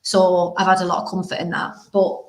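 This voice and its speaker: A young woman with a lowish voice talks openly and emotionally, wandering from thought to thought. Her voice sits in a roomy space with a clear echo around it. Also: monotone, a little fast. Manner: emotional, rambling, frank. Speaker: podcast host. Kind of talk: casual conversation.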